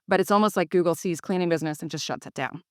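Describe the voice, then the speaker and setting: Brief: woman, lowish voice, upbeat co-host, dry close recording. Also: very fast, clear, resonant tone, no echo. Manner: upbeat, animated in anecdotes, coaching tone. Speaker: podcast co-host, cleaning business owner. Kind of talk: casual conversation.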